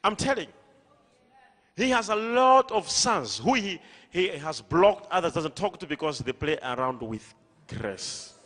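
Male preacher, high bright voice, forceful call-and-response delivery, in a big echoing church hall. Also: expressive, unhurried. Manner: emphatic, repetitive, rising to shouts.

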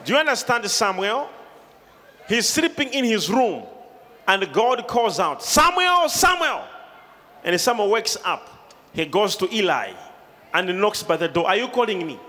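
A man preaching a sermon to a congregation, shouting and calling for responses. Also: high voice, lively intonation, unhurried. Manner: emphatic call-and-response preaching, often shouting. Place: large hall with a congregation. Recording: reverberant hall, crowd noise behind.

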